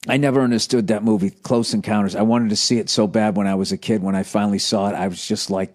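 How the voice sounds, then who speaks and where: A man's voice: fairly low pitch, fast talker, few pauses. Profane ranting man in his forties. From United States. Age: 40s. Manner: profane, animated ranting, self-mocking. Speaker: podcast host. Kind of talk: comedic monologue rant.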